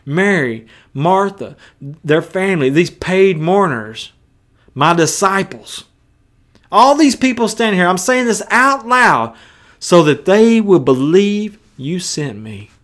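A preacher putting on Jesus as a stirred, indignant grown man, pressing each word with urgency. The voice sits fairly high for a man and rings out firmly. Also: sing-song, slow pace, fairly bright tone, heavily acted. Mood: urgent.

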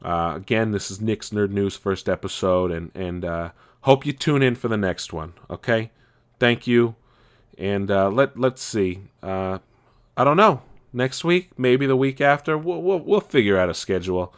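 A man's voice: on the low side, lively intonation, measured pace. A man hosting his own podcast, rambling and stammering through frequent restarts, blunt and swearing as he talks casually. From California. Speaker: podcast host. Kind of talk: casual solo podcast monologue.

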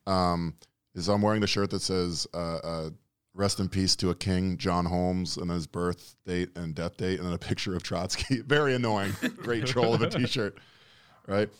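A man hosting a podcast, telling crude jokes in a wry, deadpan way during casual chat. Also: sits low, normal speed, clean tone, no echo, clean studio sound. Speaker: podcast host.

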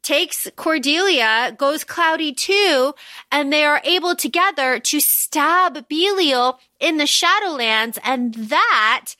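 Bright, high-voiced woman recapping a book. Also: slow, dry recording. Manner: animated recapping, filler-heavy, swears casually. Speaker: podcast co-host. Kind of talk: casual book-discussion chat.

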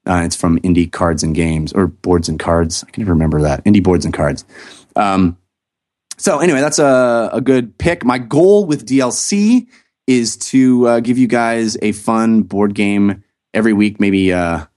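An upbeat man with a somewhat low voice hosts a relaxed podcast. He talks in a loose, rambling way, stumbling over his words and restarting sentences in his excitement. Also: moderate pace. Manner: enthusiastic, rambling with many restarts. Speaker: podcast host. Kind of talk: casual podcast chat.

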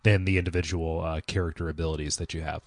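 A man co-hosting a casual chat, wry and quick to laugh. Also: rumbling low, steady tone, no room sound. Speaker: podcast co-host. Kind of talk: casual chat about a video game.

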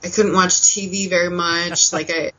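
Bright-voiced young woman, emotional storyteller. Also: fairly low pitch, little pitch movement, poor audio. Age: 20s. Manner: emotional, softening at painful moments; frequent fillers, quick laughs. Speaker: podcast guest. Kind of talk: candid conversational storytelling.

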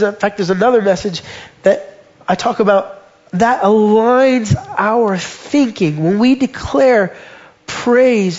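A man preaching a sermon, emphatic, slowing down and dropping soft when he quotes scripture and verse. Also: high-pitched, lo-fi sound. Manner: emphatic, slows and drops to near whisper on quoted lines.

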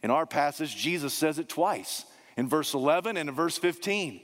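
A man preaching a sermon, emphatic, slowing down to repeat key phrases. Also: fairly high pitch, animated, a bit bright. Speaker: pastor. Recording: long hall reverb.

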